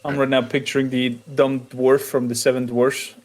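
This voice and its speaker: A man playing a tabletop game, talking casually with halting fillers. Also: mid-range voice, flat delivery. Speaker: player.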